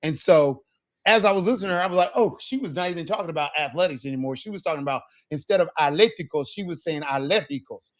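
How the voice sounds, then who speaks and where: A man whose first language is English, teaching a Spanish class in a lively, upbeat way and checking in with "right?" and "okay?". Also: on the high side, fast talker. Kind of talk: classroom lesson.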